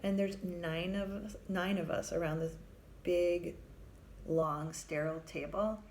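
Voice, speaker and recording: A woman's voice: fairly low pitch, steady tone, a little slow, a little mellow, a little hiss or hum. A middle-aged woman, a family therapist, telling a personal story in a candid, reflective, conversational way.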